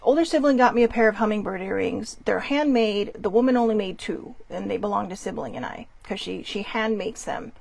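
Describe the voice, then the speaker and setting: A young woman hosting a casual solo talk show from home, chatty and rambling, loud and theatrical. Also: mid-range voice, a little fast, vocal fry, hardly any pauses. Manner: chatty, rambling and expressive, laughs often; calls herself loud and theatrical. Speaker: host. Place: at home in her bedroom.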